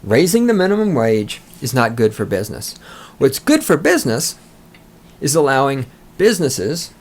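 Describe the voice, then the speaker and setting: A man's voice: medium pitch, wildly swooping pitch, normal speed, a little mellow. A man hosting a podcast, ranting with sarcastic, profane, mocking commentary. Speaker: podcast host.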